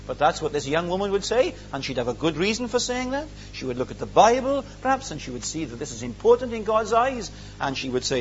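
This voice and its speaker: A man's voice: high voice, big pitch swings, fast talker, lo-fi sound, a little hiss or hum. A man preaching a sermon, earnest and emphatic, with many rhetorical questions.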